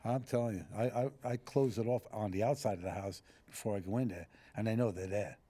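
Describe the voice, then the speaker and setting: A man's voice: fairly low pitch, brisk, mellow. A man who speaks bluntly and emphatically in a round-table chat in a TV studio.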